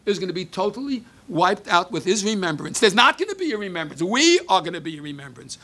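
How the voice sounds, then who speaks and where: An older man giving a sermon, telling a story with Hebrew phrases mixed in, moving between hushed and emphatic delivery. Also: high voice. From United States. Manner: mixes Hebrew phrases into English.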